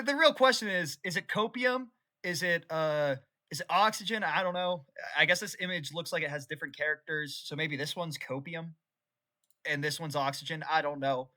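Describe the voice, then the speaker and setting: A young man rambling unscripted on camera, laughing and swinging from excited outbursts to mock-solemn musings. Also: a little high. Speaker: YouTuber. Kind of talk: unscripted rambling vlog commentary.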